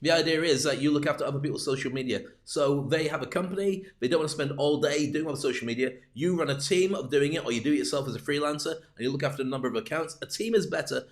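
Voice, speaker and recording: A man's voice: fairly high pitch, fast talker, hardly any pauses. A man hosting a live-streamed business talk, rambling with jokey, self-deprecating asides. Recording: roomy echo.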